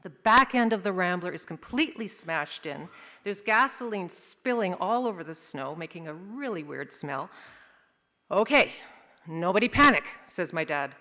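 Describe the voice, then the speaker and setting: Woman telling a story in a reverberant hall. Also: lowish voice. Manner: vivid, expressive storytelling with dramatic pauses. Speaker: service speaker sharing a personal story. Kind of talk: storytelling to a congregation. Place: large worship hall.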